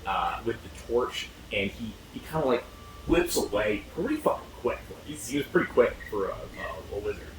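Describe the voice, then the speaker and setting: A man's voice: on the low side, sing-song, normal speed. A man running a tabletop game as game master, talking casually, swearing and laughing often. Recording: roomy echo, distant mic, faint noise.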